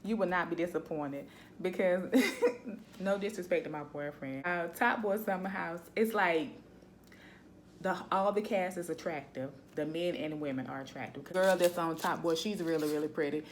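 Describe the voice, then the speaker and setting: A woman vlogger talking about shows in a casual, animated way. She laughs often and keeps addressing her viewers. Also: fairly low pitch, normal speed, a little hiss or hum. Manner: chatty and animated, laughs often, says "y'all". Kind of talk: casual chat.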